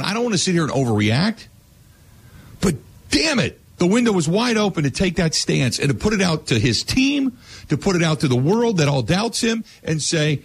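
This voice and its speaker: A man's voice: on the high side, breathy edge. A man hosting a sports talk show, ranting emphatically and acting out quotes in a raised voice. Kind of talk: animated radio sports talk.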